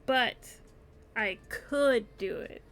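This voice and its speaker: A woman's voice: fairly high pitch, extremely slow, fairly bright tone. A woman streamer chatting casually with her viewers while crocheting, giggling often and yawning near the end of her stream.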